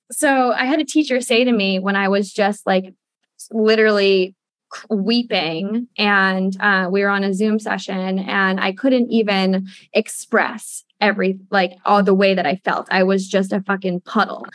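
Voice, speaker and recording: A woman's voice: medium pitch, no echo. Effusive young woman podcast host. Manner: effusive, frequent "like" and swearing. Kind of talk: casual podcast conversation.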